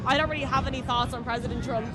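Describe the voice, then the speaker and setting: A woman's voice: high voice, steady tone, very fast, crowd noise. Chatty Irish woman on a busy street. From Ireland. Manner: chatty, easygoing. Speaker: interviewee. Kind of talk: street interview. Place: city street outdoors. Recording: street noise and music behind.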